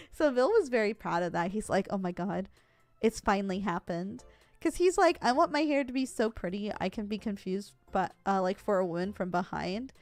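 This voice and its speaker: Speaking in a mid-range voice, a woman streamer tells stories in a casual chat, laughing often and using lots of fillers. The recording is dry and close-miked with no echo, with faint background music.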